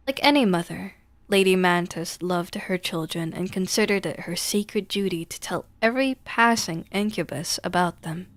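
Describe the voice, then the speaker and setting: A woman's voice: lowish voice, moderate pace, no room sound. A woman streamer reading a horror game's text aloud with dry, wry timing.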